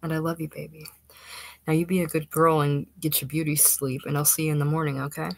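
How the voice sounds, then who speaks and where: Young fiancé, slangy and self-satisfied, husky and low; woman reader doing him. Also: little pitch movement, brisk, no echo. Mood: easygoing. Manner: casual slangy talk. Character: young working-class man, beery, complacent fiancé.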